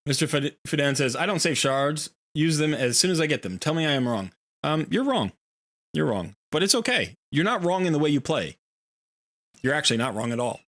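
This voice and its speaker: Hosting a laid-back game livestream from a room near a window at home, this man has a slightly high, fairly bright, expressive voice and speaks a little quickly. He tells a long, meandering story and drops in playful voiced asides.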